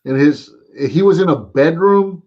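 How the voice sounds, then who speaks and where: A man's voice: a little high, measured pace, lo-fi sound. An American man chatting casually on a live stream about toy collecting, rambling and saying "man" a lot. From United States. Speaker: co-host.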